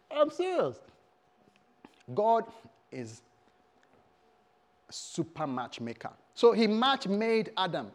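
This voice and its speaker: An animated male pastor preaching with a lively, swooping voice, sitting a little high for a man. He jokes and calls on the congregation, his delivery rising and falling with emphasis. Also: takes it slowly, long pauses. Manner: animated, humorous, engages the congregation. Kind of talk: sermon.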